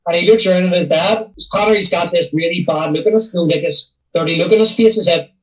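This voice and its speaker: A man co-hosting a podcast, chatting casually about movies in a relaxed, meandering way. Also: high-pitched, quick pace, recorded from a distance, rough recording. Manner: relaxed, meandering, many fillers. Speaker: podcast co-host. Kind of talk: casual film chat.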